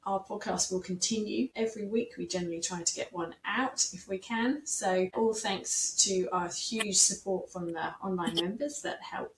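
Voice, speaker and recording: A woman's voice: mid-range voice, moderate pace, few pauses. A woman hosting a podcast, asking friendly prompting questions and signing off the show. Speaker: podcast host. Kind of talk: interview hosting. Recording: echoey room with faint noise.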